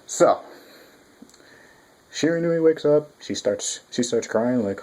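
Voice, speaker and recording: A man talks through a casual review in a mellow, warm voice. He is excitable and rambling, restarting sentences and swearing freely as he goes. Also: medium pitch, takes it slowly. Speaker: manga reviewer.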